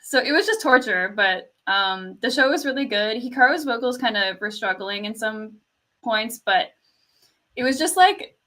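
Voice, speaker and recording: Young canadian woman chatting, quiet voice, kinda high and bright, lots of like. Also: expressive, moderate pace, rough recording. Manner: soft-spoken storyteller, lots of "like" and laughs. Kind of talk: casual chat.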